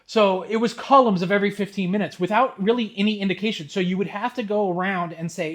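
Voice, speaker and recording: A young man telling a rambling, exasperated story in a casual vlog, with excited asides as he opens cards. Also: high voice, fairly quick. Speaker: card collector vlogger.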